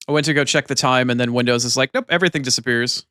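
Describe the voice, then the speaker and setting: A man's voice: mid-range voice, flat delivery, racing, a bit bright, clear, resonant tone, no room sound, clean studio sound. A man streaming live, bantering with his chat casually, teasing and swearing freely.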